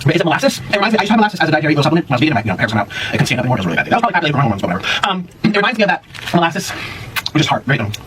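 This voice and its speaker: Dramatic, jokey male food vlogger, lively swooping delivery, recorded off-mic. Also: a little high, very fast. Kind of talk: casual food tasting chat. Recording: distant mic with clear background noise.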